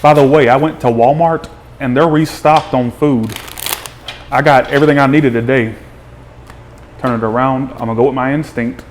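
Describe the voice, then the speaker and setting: A man hosting a live tarot reading, chatty and animated, greeting viewers by name as he talks. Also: medium pitch, normal speed, long pauses, a little hiss or hum. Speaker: tarot reader.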